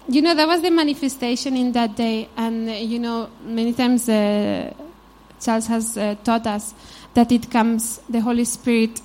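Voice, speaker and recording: Spanish-accented woman preacher, warm and fairly high, casual storytelling sermon. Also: steady tone, measured pace, slight background noise. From Spain. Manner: informal, frequent "you know", storytelling asides. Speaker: Bible teacher. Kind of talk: conversational sermon.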